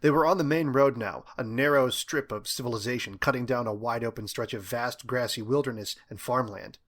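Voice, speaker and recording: Bright-voiced male storyteller. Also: mid-range voice, brisk. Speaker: audiobook narrator. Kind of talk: scripted story narration.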